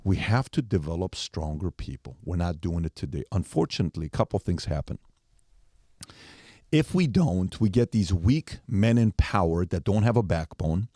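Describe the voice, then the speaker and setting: A man's voice: low voice, animated, normal speed, mellow, no room sound, studio quality. A man in his forties telling a long story as a podcast guest, acting out the quoted lines as he goes.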